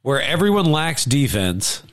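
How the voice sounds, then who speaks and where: A man talking casually about college football, animated and swearing freely as he acts out what others said. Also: medium pitch, measured pace. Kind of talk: casual sports chat.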